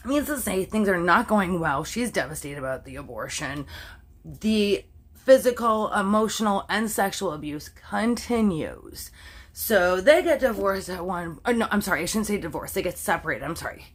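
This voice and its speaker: A woman's voice: medium pitch, normal speed. A Canadian woman telling a true crime story to her viewers in a casual, chatty way, full of "like" and swear words she stops herself from saying. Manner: chatty, animated, heavy use of "like", self-censoring swears.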